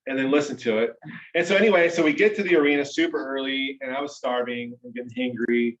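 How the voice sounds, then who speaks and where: A man's voice: medium pitch, fast, fairly bright tone. A man speaking to a small group in a meeting room, telling a story casually and animatedly, often checking in with "right?" and "okay?". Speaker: mastermind speaker. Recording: roomy, distant, dull-sounding room recording.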